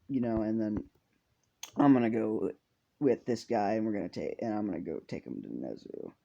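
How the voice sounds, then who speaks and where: A weary male teacher, put on by a man handing out curt orders. The voice is dark and mellow. The audio sounds dull and lo-fi. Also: lowish voice, animated, moderate pace, vocal fry, voice pushed down. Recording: dull lo-fi recording.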